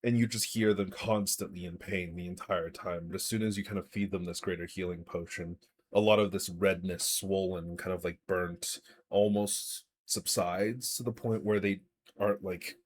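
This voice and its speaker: A man's voice: low voice, steady tone, moderate pace, a little hiss or hum. A man narrating a live tabletop game as game master, in a loose, hesitant way with many fillers. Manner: loose, hesitant narration full of likes and uhs.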